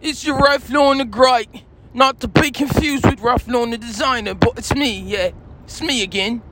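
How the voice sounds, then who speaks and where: A man voicing a boastful, touchy self-styled British gentleman with a put-on British accent, lecturing haughtily and breaking into shouted rants in a comedy sketch. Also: very high voice, normal speed, noisy background, voice pushed down. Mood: haughty. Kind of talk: comedy sketch character monologue.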